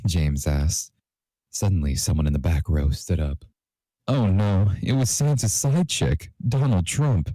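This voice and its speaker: A young man hosting a comedy show, reading fan fiction aloud deadpan and putting on voices for the characters. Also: low voice, moderate pace, dry recording, poor audio. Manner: reads deadpan, with playful put-on character lines.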